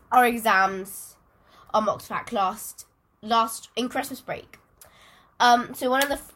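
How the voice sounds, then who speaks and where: Teen girl podcast co-host, slightly husky, high-ish voice, rambling casual chat. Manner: chatty, rambling, giggly.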